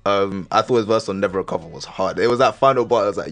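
A man's voice: fairly low pitch, quick pace, few pauses, fairly bright tone. A man co-hosting a casual chat, laid-back and slangy, often repeating his phrases.

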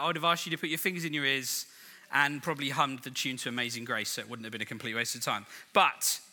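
A middle-aged man gives a sermon with a bright, forceful, somewhat high voice. He tells stories in a chatty, humorous way to his congregation. Long reverb from a large church hall hangs around his words. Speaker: preacher.

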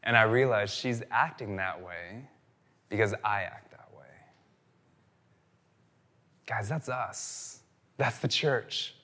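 A man's voice: on the low side, takes it slowly, pauses often. A man preaching a sermon as a pastor, telling stories animatedly and repeating phrases for emphasis. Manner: animated storytelling, repetitive phrasing.

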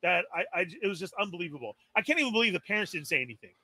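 A man with a high, bright voice tells a story with excitable energy. He is plainly exasperated and acts out the lines he quotes. The sound is dry and close. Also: very fast, no echo. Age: adult. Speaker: toy podcast co-host. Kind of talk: animated storytelling on a live stream.

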